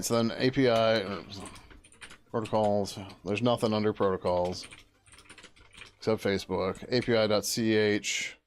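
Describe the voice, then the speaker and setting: Speaking in a lowish, clear, resonant voice, a developer narrates his own coding session on a live stream. His thoughts come out as mutters that drift off unfinished, with occasional offhand swearing.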